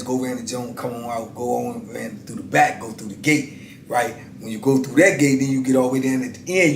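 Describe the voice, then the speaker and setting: A man in his fifties telling a story in a relaxed, casual way and acting out the other people's voices. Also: medium pitch, slight background noise. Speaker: YouTube storyteller. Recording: roomy echo.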